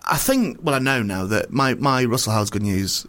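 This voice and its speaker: A man's voice: mid-range voice, normal speed. A man, a comedian chatting casually and telling a story, acting out each side of the exchange, sweary and self-deprecating. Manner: animated storytelling, acts out both sides of dialogue. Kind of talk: casual chat.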